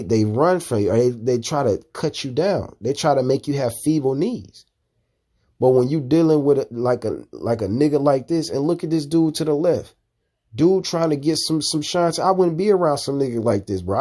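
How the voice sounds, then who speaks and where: A man's voice: medium pitch, warm tone. Preachy man ending lines with "man". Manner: repetitive, ends phrases with "man". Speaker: commentator reacting to video. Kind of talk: preaching commentary.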